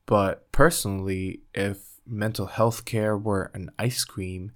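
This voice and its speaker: A woman's voice: a bass voice, steady tone, slow. Playful woman hosting a podcast. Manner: playful, teasing, swears casually. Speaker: podcast host. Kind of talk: casual podcast chat.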